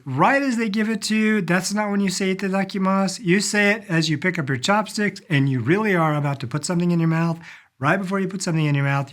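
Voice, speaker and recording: A man giving a casual video lesson on polite phrases, chatty, explaining slowly and repeating words for practice. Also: on the high side, fairly bright tone. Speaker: language teacher.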